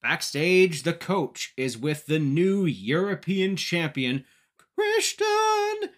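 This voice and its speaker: A man's voice: a little high, expressive, slow. A man from Canada giving a joking, casual wrestling recap as a podcast host. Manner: joking, chatty.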